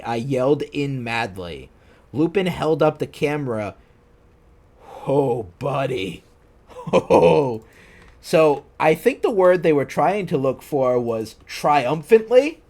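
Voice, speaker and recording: This streamer's voice sits in the mid-range and is a little mellow; he speaks slowly yet very animatedly. Reading fan fiction aloud, he halts to mock it in disbelief and bursts out laughing.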